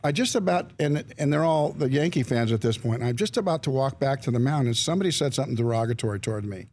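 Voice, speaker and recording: A man telling a story as an interview guest, halting and repeating words as he goes. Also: mid-range voice, expressive, darkish tone. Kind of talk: storytelling anecdote.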